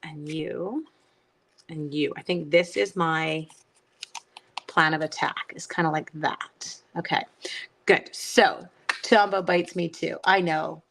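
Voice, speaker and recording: A woman's voice: low voice, steady tone, slow, gravelly, long pauses, a bit bright, a little hiss or hum, low-quality recording. A middle-aged woman hosting a casual crafting livestream, chatting and teasing herself while answering viewer comments.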